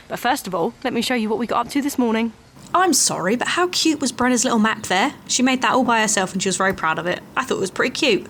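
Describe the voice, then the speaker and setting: A woman's voice: mid-range voice, fairly bright tone, a little hiss or hum. A young woman vlogging a hiking trip, chatty and self-mocking as she narrates. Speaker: travel vlogger. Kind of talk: casual travel vlog narration. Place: outdoors on a mountain trail.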